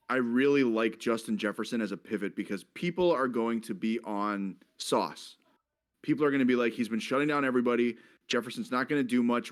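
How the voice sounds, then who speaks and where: A man hosting a podcast in a casual sports betting chat, brisk and keeping the talk moving. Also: mid-range voice. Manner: brisk, moves the discussion along. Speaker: host.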